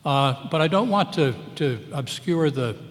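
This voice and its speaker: A man speaking as an English professor on a memorial panel, walking through the meter of a poem with measured, explanatory care. He slows down to sound out lines of verse, and his voice carries a long reverb from a large hall. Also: fairly high pitch, lively intonation. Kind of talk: close-reading lecture on a poem.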